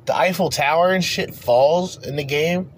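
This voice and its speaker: A man's voice: on the high side, normal speed, slight background noise. A man co-hosting a podcast, talking in a loose, profane, rambling way in casual chat. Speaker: podcast co-host.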